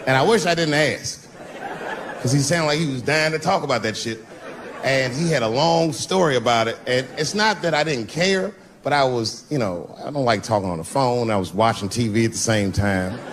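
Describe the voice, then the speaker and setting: A man performing a stand-up comedy set, telling a profane story with animated delivery and sudden jumps in his voice. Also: medium pitch, normal speed, crowd noise, noisy background.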